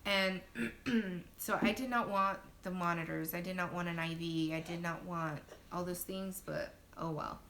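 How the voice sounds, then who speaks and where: A woman's voice: steady tone, measured pace, fairly bright tone. A young woman and new mother casually telling her birth story to viewers on a livestream, chatty and talking straight to her audience. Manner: chatty, talks to viewers directly. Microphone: phone livestream. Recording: low-quality livestream audio with faint noise.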